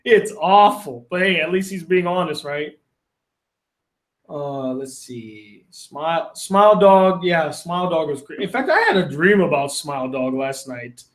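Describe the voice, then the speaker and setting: A man hosting a casual live chat, rambling through viewer questions, cursing freely and often interrupting himself. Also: a little high. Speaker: livestream host answering chat questions. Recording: echoey room.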